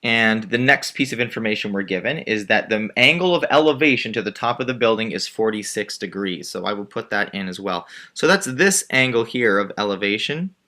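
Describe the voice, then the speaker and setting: A man's voice: lowish voice, lively intonation, a little fast, hardly any pauses, pushed and bright. A male math teacher patiently walking through a word problem step by step while drawing a diagram. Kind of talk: screen-recorded math lesson.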